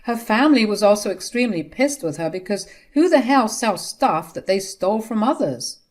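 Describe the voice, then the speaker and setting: A woman narrating a first-person family drama story in a steady, indignant way. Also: mid-range voice, moderate pace.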